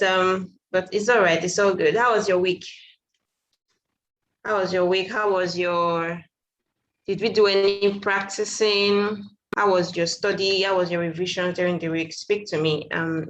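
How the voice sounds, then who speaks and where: Woman teacher, upbeat and encouraging, faint background noise on the call. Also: fairly low pitch. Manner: encouraging, repeats questions. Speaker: French teacher. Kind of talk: online class teaching. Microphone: video call.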